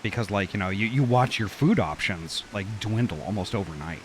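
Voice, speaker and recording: A man's voice: lowish voice, expressive, brisk, a little hiss or hum. A man streaming a game and chatting casually, rambling with many fillers and restarts. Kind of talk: casual chat while gaming.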